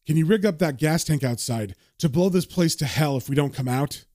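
A man's voice: on the high side, a little fast, a little mellow, no echo, clean studio sound, lightly acted. A man doing a cocky young magician. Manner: brash, slangy.

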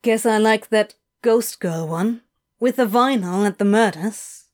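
A woman's voice: mid-range voice, measured pace, lightly acted. A woman doing a drawling, sardonic loner. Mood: dry. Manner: drawling, curt and dry. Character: sardonic, aloof young-ish man.

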